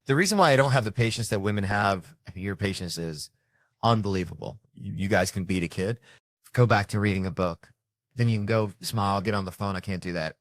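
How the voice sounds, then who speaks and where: A man tells stories in a stand-up comedy routine, jumping into the voices of his family as he goes. His voice sits a little low. The sound is dry and close, with no room echo. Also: brisk. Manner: animated storytelling, acting out family members.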